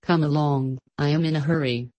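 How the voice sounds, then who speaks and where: Santa Claus, as a woman reader plays him, low and hearty. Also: fairly even intonation, normal speed, mellow, close to an everyday voice. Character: jolly old male Santa Claus, brisk.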